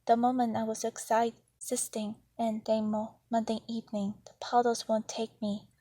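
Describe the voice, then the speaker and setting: A woman reading a novel chapter aloud in the first person, in a steady, even way. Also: a little high, moderate pace, no echo. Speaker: narrator.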